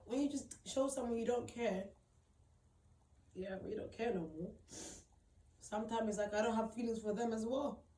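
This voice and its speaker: Tearful and upset, a young woman recounts her own painful story, circling back over the same points with emphatic slang. Her voice is on the high side and mellow, and the recording sounds roomy, with the mic at a distance.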